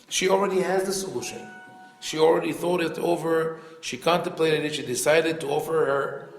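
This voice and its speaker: A man teaches a Torah class as a rabbi, his voice carrying a gravelly edge. He explains thoughtfully, pausing on fillers and restarting phrases. The room around him is echoey. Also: a little high, soft background music.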